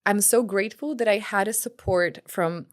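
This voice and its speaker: A woman's voice: mid-range voice, normal speed. A woman, a podcast guest talking casually and telling stories with acted-out quotes and frequent laughs. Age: late 20s. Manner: animated storytelling, acts out quotes, laughs often. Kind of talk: casual conversation.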